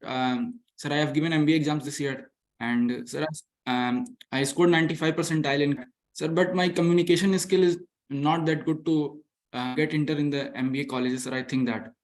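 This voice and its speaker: Deferential young man, halting English. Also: on the high side, fairly even intonation. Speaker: student caller.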